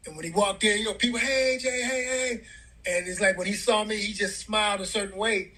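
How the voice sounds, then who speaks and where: A man's voice: high-pitched, flat delivery, fast, sharp tone, poor audio. A middle-aged man telling a heartfelt story as a guest in an interview, in loose, casual talk full of "man" and "bro".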